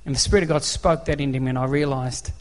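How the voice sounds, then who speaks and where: An Australian-accented man preaches a sermon, recounting a personal story earnestly and conversationally while acting out the dialogue. His mid-range voice holds a steady tone and moves fast. A large hall gives the recording a long reverb.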